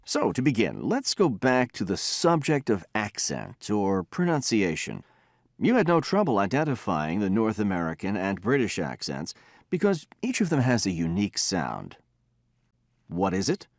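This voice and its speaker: Lively, lecturing man in a dry studio. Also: on the low side, moderate pace, dry recording. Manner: explanatory, demonstrates sounds by example. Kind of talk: recorded textbook lecture.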